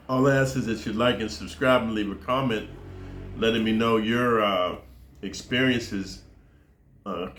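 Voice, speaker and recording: A man's voice: on the low side, a bit bright, roomy sound, slight background noise. An American man vlogging in a casual monologue, rambling and profane, constantly tossing in "dude" and "man". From United States.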